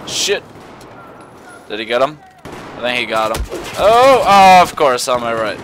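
A man's voice: medium pitch, normal speed, background noise. A man giving casual gameplay commentary in a put-on genteel accent, full of startled exclamations. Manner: jumpy, frequent startled exclamations; putting on a mock-genteel accent. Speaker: gaming commentator.

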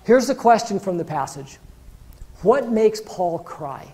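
A man's voice: high-pitched, very animated, a little slow, warm tone. A man pastor preaching a sermon in a conversational way, full of "you know" fillers, sometimes voicing imagined believers. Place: church sanctuary.

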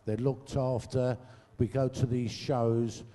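Warm and level in tone, the older man takes his time, his pitch sitting in the middle range. He's a guest storyteller at a big live show, telling dirty, expletive-heavy anecdotes into a stage microphone and laughing along, with the hall's echo audible.

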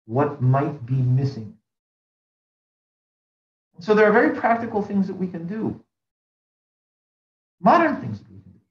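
A man's voice: high voice, big pitch swings, a little fast, pauses often. A man, a rabbi, teaching a religious class in a rhetorical way, stacking repeated phrases and rising sharply for emphasis. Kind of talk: religious lecture. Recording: roomy, distant mic, dull sound.

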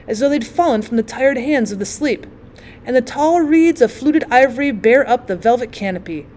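A woman reading a classic story aloud as a teacher, in a measured and expressive way. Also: fairly high pitch, slight background noise. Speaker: teacher and narrator.

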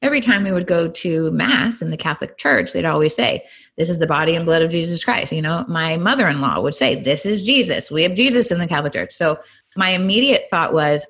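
A middle-aged woman from California, a guest on a podcast interview, telling her personal testimony in an earnest, animated way. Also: fairly low pitch, brisk, vocal fry, slightly rough.

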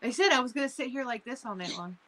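A woman's voice: fairly high pitch, animated, fast talker. A woman hosting a casual show, reading viewer comments aloud with amusement. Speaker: host. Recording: loud noisy background.

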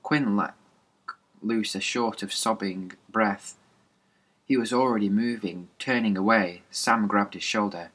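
A man's voice: lowish voice, unhurried, a bit bright. A man reading a novel aloud as an audiobook, plainly, with small slips and restarts. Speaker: reader.

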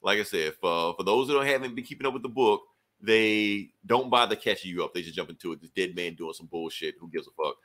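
A man talks through a casual podcast in a loose, rambling style, swearing freely as he recaps. His voice sits on the low side. It has a bright, forceful edge. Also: brisk. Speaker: podcast host.

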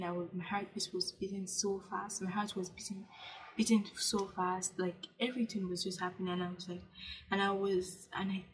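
A woman's voice: medium pitch, rough recording. A young woman vlogging casual self-help advice to camera, earnest and repetitive, with many fillers and restarts. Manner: coaching, urges viewers to speak aloud.

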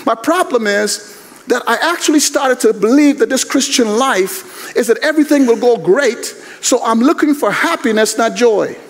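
A man acting as the apostle Peter, an eager grown man who boasts in short, brash bursts. The voice sits very high for a man and rings out in a large, echoing hall. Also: lively intonation, normal speed. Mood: confessional. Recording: echoey hall.

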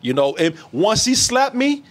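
A man's voice: sits high, sing-song, unhurried. A man hosting a podcast, telling a funny childhood story in casual chat, laughing often and acting out the quotes. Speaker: podcast host.

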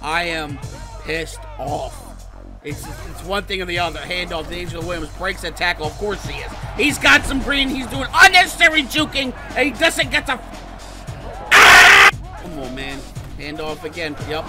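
Man, gameplay commentary, high-pitched, very animated, shouts and curses, game music behind. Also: moderate pace. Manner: animated, swings to shouting and cursing. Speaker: gaming channel host.

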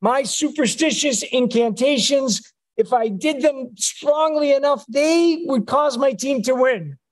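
Man, rabbi, high-pitched voice, wry chatty sermon, synagogue. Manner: conversational, wry storytelling. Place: synagogue sanctuary.

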